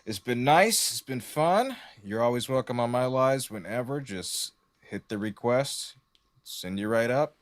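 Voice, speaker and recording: A man joining a livestream as guest, talking casually and warmly thanking the host. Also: medium pitch, measured pace. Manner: friendly, thankful, lively sign-off.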